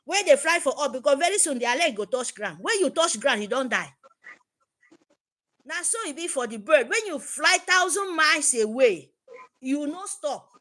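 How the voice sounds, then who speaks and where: A woman's voice: high voice, animated, moderate pace, pushed and bright. A woman with a Nigerian accent, giving an impassioned, repetitive address to her supporters. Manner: fervent, emphatic, repetitive. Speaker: activist speaker.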